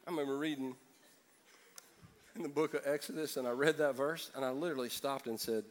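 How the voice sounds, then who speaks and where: A man's voice: medium pitch, fairly even intonation, a little fast, pauses often. A man preaching a sermon as pastor, joking and acting out voices from the congregation.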